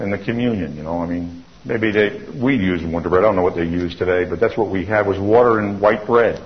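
With a voice that sits low, a middle-aged man gives his testimony sermon a little fast and with few pauses. He's an earnest storyteller prone to restarts and repetition, heard on a dull lo-fi recording.

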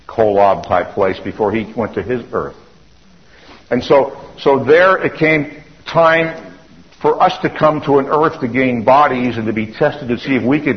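A man giving an anecdotal lecture in a loose, conversational storytelling manner, often restarting his sentences. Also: mid-range voice. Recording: dull lo-fi recording.

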